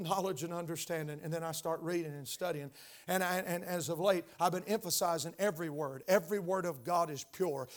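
An older male pastor preaching to his congregation in church. He speaks in a fairly high voice and keeps throwing questions out to the room, stressing his points. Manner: emphatic, call-and-response questions to the congregation. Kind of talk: sermon. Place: church sanctuary.

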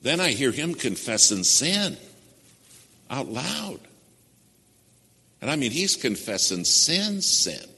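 A man's voice: mid-range voice, sing-song, measured pace, few pauses, pushed and bright, slightly rough, big-room sound. A man preaching a sermon, telling a story and pressing his listeners with direct questions.

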